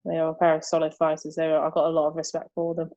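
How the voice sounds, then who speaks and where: A young woman, chatting as an interview guest, upbeat and quick to laugh. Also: sits low, completely flat delivery, warm tone, dull audio. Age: 20s. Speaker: martial arts competitor, interview guest. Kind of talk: casual interview chat.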